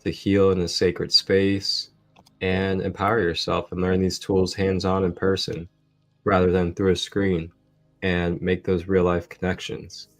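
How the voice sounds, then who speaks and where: A man co-hosting a spiritual study livestream, chatting in a relaxed way and laughing easily. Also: deep voice, measured pace, faint music behind. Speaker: co-host. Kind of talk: casual spiritual chat.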